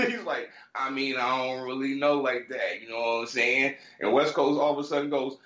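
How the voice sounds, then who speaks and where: A man co-hosting a podcast, telling a story in casual chat with lively, acted-out quotes. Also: medium pitch, moderate pace, roomy sound, dull audio. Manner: animated storyteller, shouting out quoted lines. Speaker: podcast co-host.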